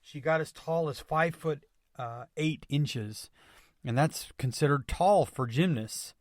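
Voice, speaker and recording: A man hosting a motivational podcast, speaking with energetic emphasis and returning to catchphrases again and again. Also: on the high side, slow pace, no echo, clean studio sound. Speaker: podcast host.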